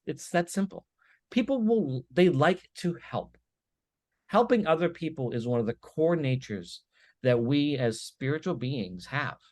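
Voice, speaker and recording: A man speaking as a guest on a business podcast, with energetic, emphatic storytelling full of quick "right?" tags. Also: mid-range voice, no echo. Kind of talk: podcast interview.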